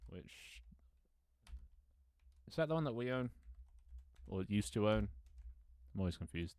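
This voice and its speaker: A man with an English accent talks casually to his stream in a lowish voice. He rambles, jokes and swears freely. The sound is close and dry, with no room around it. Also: lively intonation, unhurried, a little mellow, no room sound. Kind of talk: casual live-stream chat.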